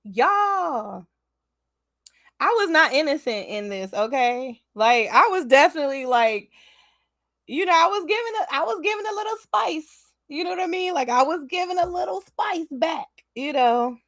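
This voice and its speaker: Animated woman with a high, lively voice. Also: normal speed, no echo, studio quality. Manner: animated, laughs often, talks straight to her audience. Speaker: vlogger. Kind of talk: casual storytelling to viewers.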